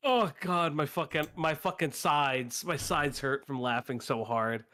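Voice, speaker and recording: A man's voice: a little high, unhurried, pushed and bright. A man guesting on a stream, chatting loosely, laughing a lot and swearing freely. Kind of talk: casual stream chat.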